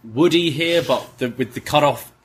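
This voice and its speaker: A man co-hosting a podcast, giving a relaxed, filler-heavy recap of a wrestling show. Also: on the high side, moderate pace, a little hiss or hum. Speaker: podcast co-host.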